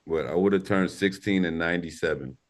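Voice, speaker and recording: A man's voice: sits low, a little fast. A man in his forties from St. Louis, telling stories as a podcast guest in a laid-back, slangy, rambling way. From St. Louis, Missouri. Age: 40s. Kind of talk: casual interview storytelling.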